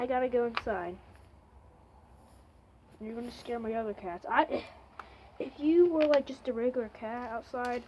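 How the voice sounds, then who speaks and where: A woman standing outdoors in the cold by a door, talking softly and apologetically to a cat on her vlog. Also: on the high side. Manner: soft, pleading, apologetic. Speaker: vlogger. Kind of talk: casual talk to an animal. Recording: lo-fi phone audio with noisy outdoor background.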